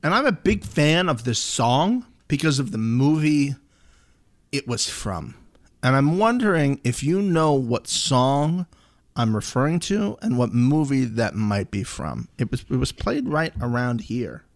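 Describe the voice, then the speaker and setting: A man's voice: mid-range voice, big pitch swings, measured pace. A man co-hosting a podcast, chatting casually, joking and swearing now and then. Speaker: podcast co-host. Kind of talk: casual chat.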